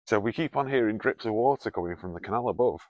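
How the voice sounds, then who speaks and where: A man's voice: on the low side, expressive, fast, no room sound. A man hosting a night ghost hunt in a canal tunnel, joking, swearing freely and calling out to a spirit. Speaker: paranormal investigator host. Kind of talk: casual chat during a night investigation.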